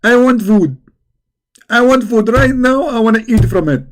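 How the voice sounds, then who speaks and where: A man's voice: very high voice, animated, moderate pace, voice pushed up. A man voicing a group of stubborn, greedy grown men who whine and insist on getting food right now. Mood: whiny demanding. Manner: whiny, insistent.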